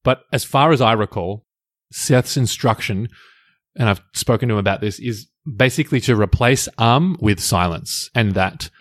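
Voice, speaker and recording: A man co-hosting a podcast in casual chat, playful and quick to laugh. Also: on the low side, no room sound, studio quality. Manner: jokey, laughs often, playful teasing. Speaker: podcast co-host.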